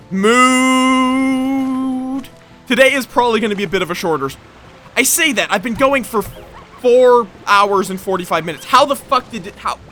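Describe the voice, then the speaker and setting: Young male streamer, bright gravelly voice, faint game music under him. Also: high voice. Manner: animated, chatty, swears, talks to chat. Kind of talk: casual gameplay commentary.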